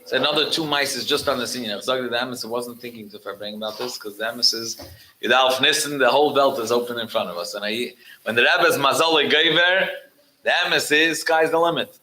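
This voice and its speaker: Guest rabbi, male, lively storyteller with a bright edge, restarts a lot, Yiddish and Hebrew words mixed in. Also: mid-range voice, a little fast, low-quality recording. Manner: frequent restarts and repeated words. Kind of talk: storytelling talk at a religious gathering.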